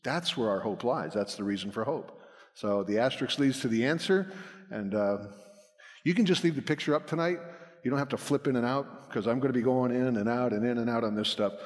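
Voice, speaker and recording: A man's voice: medium pitch, fairly quick. Folksy man preaching in a reverberant hall. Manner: folksy, self-deprecating, rambling. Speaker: guest speaker on apologetics. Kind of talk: church talk. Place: church hall.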